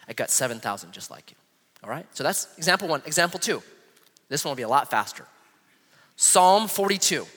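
A man preaches with a high, lively voice that rises and falls constantly. He slows right down to read scripture aloud. His words ring out with a long reverb, as in a large church hall. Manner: animated preaching, reading scripture aloud slowly. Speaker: pastor. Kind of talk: sermon.

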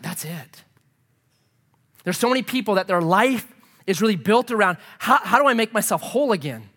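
Earnest higher-voiced man preaching. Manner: earnest, emphatic, rising and falling preaching; drops to a soft hush for prayer. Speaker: pastor. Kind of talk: sermon.

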